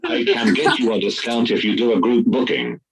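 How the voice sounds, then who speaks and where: A man voicing a cheeky phone voice assistant in a flat, matter-of-fact delivery. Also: mid-range voice, a little fast, gravelly, crowd noise, voice pushed down, low-quality recording. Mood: deadpan.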